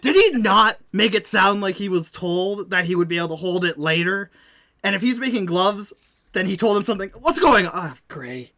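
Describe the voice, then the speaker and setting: A player in a tabletop game, animated and laughing between lines. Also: medium pitch, moderate pace. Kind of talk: in-character tabletop play.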